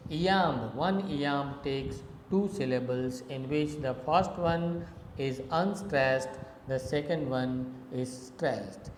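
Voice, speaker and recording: A man with an Indian English accent explaining a sonnet to students in a slow, deliberate way, full of "okay" and "you know.". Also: medium pitch. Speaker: literature lecturer. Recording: echoey room with long reverb and faint hiss.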